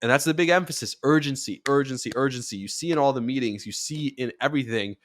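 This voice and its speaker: Male sports show host, mid-range voice, dry close sound; casual, animated, gets loud on quoted lines. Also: medium pitch, quick pace, no echo. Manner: animated, rising to near-shouts when acting out quotes. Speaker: podcast host and sports radio commentator.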